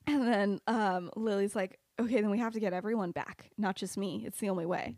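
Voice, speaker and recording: A woman's voice: medium pitch, a little fast, a little mellow, no echo, clean studio sound. A young woman casually retelling a fan-fiction story on a podcast, chatty, with lots of "like" and "um" and laughter. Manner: chatty, many "like" and "um", laughs at her own story.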